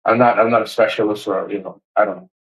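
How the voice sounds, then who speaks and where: A man ranting to camera in a passionate, energetic, heavily profane way, rambling and restarting as he makes his points. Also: on the low side, fast, gravelly, poor audio. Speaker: vlogger. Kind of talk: casual rant to camera.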